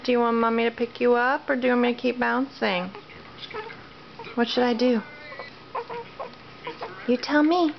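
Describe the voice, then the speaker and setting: A woman talking softly to her baby in sing-song questions, recorded on a home video. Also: on the high side, steady tone, moderate pace, gravelly, pauses often. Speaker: mother. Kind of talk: baby talk to her infant. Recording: muffled home video with faint hiss.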